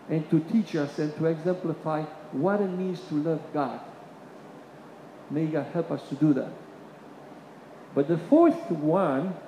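A man delivers a sermon in a high, mellow voice. He swells to emphatic peaks and falls back to quiet asides, sometimes repeating himself mid-thought. The long reverb of a big hall and faint room noise surround him. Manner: repeats phrases while searching for words. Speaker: preacher.

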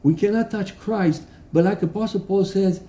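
High, mellow-voiced male preacher in echoey room. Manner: earnest, halting, with many restarts and fillers; reads quotations aloud with emphasis. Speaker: pastor. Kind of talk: sermon. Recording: roomy echo.

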